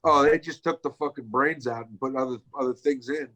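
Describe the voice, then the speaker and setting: A man's voice: mid-range voice, a little fast, a bit bright, low-quality recording. A man co-hosting a casual podcast, blunt and skeptical with plenty of swearing. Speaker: podcast co-host.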